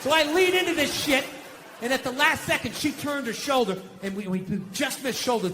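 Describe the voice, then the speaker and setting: A man doing profane, exasperated stand-up comedy, ranting and acting out shouted confrontations. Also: very high voice, slight background noise. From United States.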